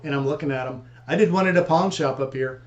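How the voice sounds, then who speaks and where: A man who fixes motorcycles as a hobby rattles off his stories at a quick clip in a casual chat, voicing each person's lines as he goes. His voice sits a touch high for a man. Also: highs cut off. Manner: rapid storyteller acting out dialogue.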